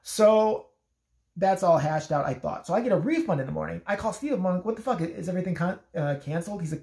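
Fast, animated woman telling a story. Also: on the low side, creaky, reverberant. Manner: profane, animated, acts out both sides of calls. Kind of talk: casual storytelling monologue.

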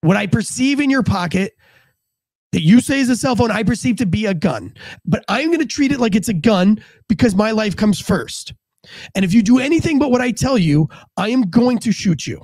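A man's voice: high-pitched, animated, a little fast, a little mellow, dry recording. A man, a former police officer, telling a vivid first-person story and acting out the dialogue in a matter-of-fact way.

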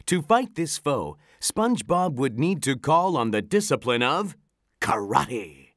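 An animated storybook narrator with a lively, rising and falling delivery. The reading sounds close and dry, with no room around it. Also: mid-range voice, a little slow, no echo. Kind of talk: storybook read-aloud.

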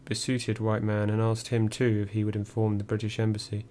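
Low monotone guy reading a memoir audiobook, dry and measured, faint hum behind. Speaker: audiobook narrator. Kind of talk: first-person memoir reading.

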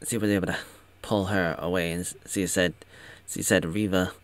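A man's voice: deep voice, fairly even intonation, normal speed, clean tone. A man giving casual, sarcastic commentary, rambling with many restarts. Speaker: show recap commentator.

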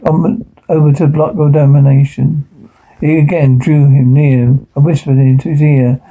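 A man reading a first-person horror story aloud, halting now and then with stumbles and restarts. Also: fairly high pitch, creaky, mellow, breathy edge, low-quality recording. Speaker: narrator.

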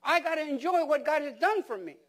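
A man with a notably high voice delivers a sermon as pastor. He keeps asking the congregation questions and repeats words and restarts phrases to drive each point home. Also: lively intonation, fairly quick, a bit bright. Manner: emphatic preaching with rhetorical questions to the congregation.

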